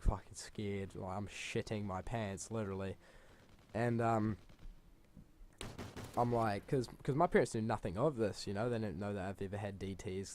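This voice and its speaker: A man's voice: fairly low pitch, a little mellow, slight background noise. A young man, a gaming channel host telling a rambling school story over gameplay, swearing freely and exaggerating.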